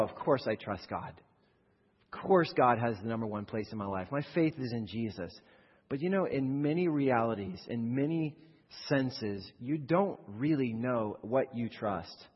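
Male preacher, mid-pitched, husky; swings from loud pleading to low hush; reverberant hall, dull lo-fi sound. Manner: animated preaching, rising loud in acted-out fears, dropping low and slow. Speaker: pastor. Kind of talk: sermon.

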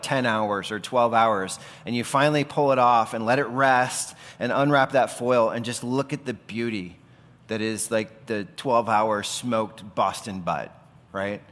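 A man's voice: on the low side, fairly bright tone. Man preaching in an echoing hall. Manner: conversational, earnest, with everyday asides. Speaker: pastor. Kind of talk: sermon.

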